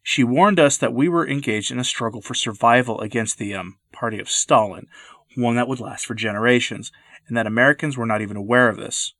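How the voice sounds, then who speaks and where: A man's voice: medium pitch, brisk, fairly bright tone, no room sound. Earnest man reading commentary, dry close mic. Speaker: podcast host. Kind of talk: scripted commentary read aloud.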